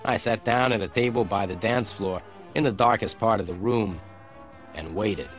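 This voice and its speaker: Low-voiced man narrating a story. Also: music in the background. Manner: clear, measured reading. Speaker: audiobook narrator. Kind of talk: scripted narration for English learners.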